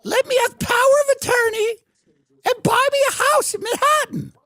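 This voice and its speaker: A man voicing a creepy male con man with a weird, high, childlike voice, making a pushy sales pitch. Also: moderate pace, bright, forceful tone, no room sound, heavily acted.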